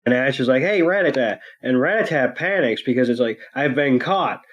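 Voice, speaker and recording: A man's voice: medium pitch, animated, brisk, a bit bright, low-quality recording. A man co-hosting a podcast who recaps a cartoon episode in a laid-back way, with crude jokes and many fillers. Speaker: podcast co-host.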